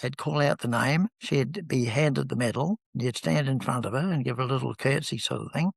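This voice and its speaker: Fairly quick and mid-range, this gravelly, husky voice belongs to a New Zealand man in his seventies, recorded with no room sound. He's an interview guest telling relaxed, rambling anecdotes in conversation, with plenty of ums.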